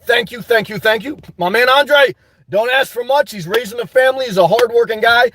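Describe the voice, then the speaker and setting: A man hosting a live stream, ranting emphatically about his life and shouting out his supporters, worked up and sweating. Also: very high voice, fairly quick. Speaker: livestream host.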